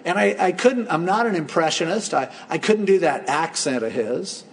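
A man delivers a sermon as a pastor, telling stories in a relaxed, conversational way and acting out the lines he quotes. His voice sits a little high and has a gravelly edge. Long reverb from a large hall trails after each phrase. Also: normal speed. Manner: conversational storytelling with acted-out quotes.

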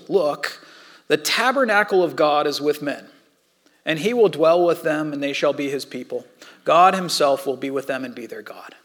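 A man preaching a sermon as a pastor, reading scripture and then explaining it in a conversational, animated way with playful asides. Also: a little high.

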